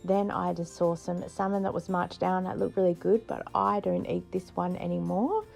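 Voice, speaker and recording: A woman's voice: on the low side, animated, moderate pace, creaky, darkish tone, soft background music. Chatty Australian woman vlogging. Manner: chatty, laughs often, retells with playful voices. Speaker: frugal living vlogger. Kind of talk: casual vlog narration.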